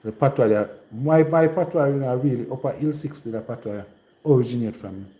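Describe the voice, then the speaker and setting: Dark-voiced man with Trelawny Jamaican patois. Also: mid-range voice, brisk, reverberant, poor audio. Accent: rural Trelawny Jamaican patois. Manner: rambling and repetitive, in heavy patois. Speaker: live-stream host. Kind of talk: casual live-stream monologue.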